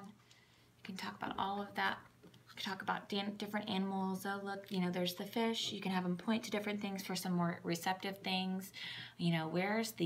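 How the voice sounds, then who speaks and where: A woman's voice: mid-range voice, level tone, moderate pace, slight background noise. A woman casually showing children's books and acting out their sound words in a sing-song voice. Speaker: children's book reviewer. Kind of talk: casual show-and-tell of books.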